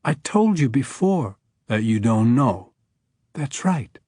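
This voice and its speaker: A man's voice: medium pitch, sing-song, slow pace, warm tone, no echo, clean studio sound. A man voicing a shaken young woman judge, her voice cracking as she pleads through tears. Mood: tearful.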